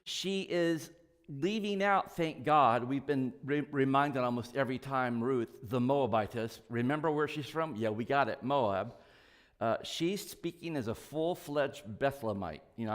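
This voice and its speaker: A man's voice: a little high, in a large hall. A man preaching a sermon in a casual, conversational way, full of asides and small jokes. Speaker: pastor. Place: church sanctuary.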